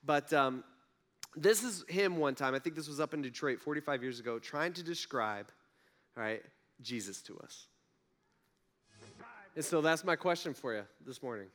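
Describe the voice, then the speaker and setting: A young man gives a sermon in a relaxed, chatty way, tossing out questions to the room. His voice sits a little high for a man. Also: normal speed, long pauses. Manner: conversational, animated preaching with rhetorical questions. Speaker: pastor.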